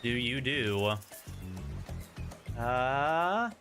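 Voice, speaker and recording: Man streamer reading game text, playful asides, bright voice, very animated delivery. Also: medium pitch, extremely slow, faint music behind. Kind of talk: reading a dating sim aloud with commentary.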